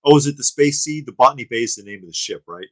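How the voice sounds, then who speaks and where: A man's voice: mid-range voice, lively intonation, fast, darkish tone, dry recording, rough recording. A man co-hosting a live stream, chatting casually and reading viewer comments, rambling with fillers and restarts. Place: studio.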